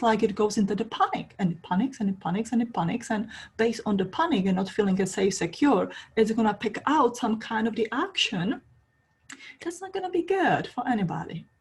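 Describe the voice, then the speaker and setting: Soft-spoken, breathy woman teacher. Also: mid-range voice, lively intonation, moderate pace, poor audio. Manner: soft-spoken, storytelling, non-native grammar. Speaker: spiritual teacher. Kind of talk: spiritual talk.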